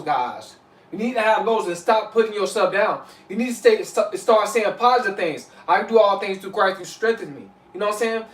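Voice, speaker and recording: A man's voice: high voice, far from the mic. A man vlogging casually to camera, preaching advice in a repetitive, loose way and often asking "you know what I'm saying". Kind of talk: casual motivational talk to camera. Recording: echoey room, voice off-mic.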